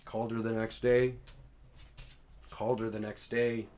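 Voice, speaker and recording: A man's voice: fairly low pitch, little pitch movement, unhurried, darkish tone. A man casually telling a personal story as host, cursing freely and acting out both sides of the conversations. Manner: profane, emphatic, acts out both sides of conversations.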